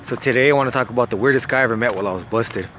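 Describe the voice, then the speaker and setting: A man's voice: mid-range voice, rapid-fire, slight background noise. Profane storyteller man. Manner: profane, slangy, lively, laughs at his own story. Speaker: vlogger telling a story. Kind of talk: casual storytelling.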